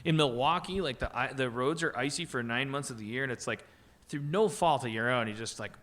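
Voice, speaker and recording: Bright-voiced rambling comedy host. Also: male voice, mid-range voice, a little fast. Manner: rambling, lots of fillers and restarts. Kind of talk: live comedy podcast banter.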